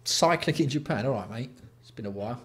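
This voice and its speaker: Male livestream host, exasperated sweary commentary, mid pitch. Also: expressive, fast. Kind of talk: casual live-stream commentary.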